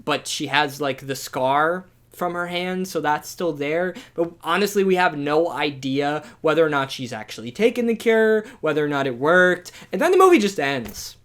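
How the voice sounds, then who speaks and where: A young adult movie reviewer rants through a video review in an exasperated, sarcastic voice. The delivery is animated, stacking up rhetorical questions and dry asides. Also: mid-range voice, normal speed, hardly any pauses. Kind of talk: ranting video review commentary.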